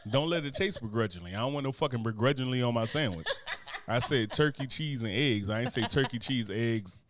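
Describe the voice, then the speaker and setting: A man's voice: medium pitch, fairly quick, background noise. A man co-hosting a casual chat show, talking animatedly and profanely, joking and reading comments from the chat aloud. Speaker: podcast co-host.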